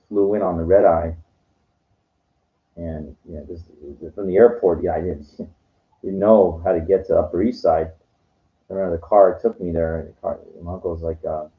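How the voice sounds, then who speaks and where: A man telling meandering personal stories, filled with "you know" and often trailing off quietly. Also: low-pitched, phone-quality sound. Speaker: vlogger. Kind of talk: rambling personal storytelling. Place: lives in Los Angeles.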